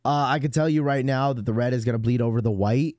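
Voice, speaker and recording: A hoarse man hosts a sneaker livestream in loose, rambling casual chat, his voice strained by a sore throat. He sits at a middling pitch. The sound is dry and close, with no room around it. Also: quick pace, a little mellow, no room sound. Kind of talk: casual live-stream chat.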